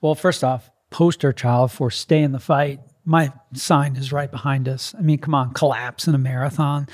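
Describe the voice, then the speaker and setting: A man's voice: mid-range voice, steady tone, normal speed, a little mellow. A man hosting a casual podcast, reacting with emphatic enthusiasm. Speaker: host.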